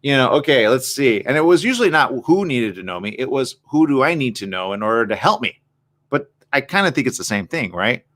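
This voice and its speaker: A man's voice: mid-range voice, very animated, fairly quick, fairly bright tone. A man hosting a morning show, talking candidly and reflectively in a personal monologue, often asking rhetorical questions.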